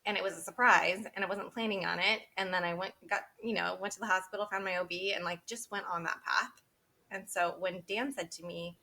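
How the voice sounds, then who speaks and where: A woman in her thirties speaks as a podcast interview guest and shares a personal story. Her voice sits a little low for a woman, yet it sounds bright and forward. She talks candidly and with feeling, laughs easily, and acts out what she and others said. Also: moderate pace. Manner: candid and emotional, laughing often, quoting herself and others.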